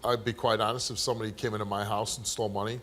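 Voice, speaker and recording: A man's voice: on the low side, flat delivery, very fast, a bit bright, a little hiss or hum. A man hosting a talk show in a studio, direct and blunt with his guests.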